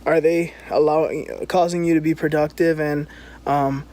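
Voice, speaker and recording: A young man co-hosting a casual chat, rambling and halting with many filler words. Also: on the high side, level tone, darkish tone. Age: young adult. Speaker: co-host. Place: outdoors.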